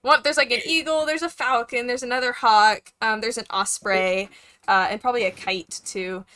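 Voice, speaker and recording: A woman running a tabletop game as game master, narrating in an animated way with frequent laughs. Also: fairly high pitch, moderate pace, clear, resonant tone. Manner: animated, laughs often, many fillers.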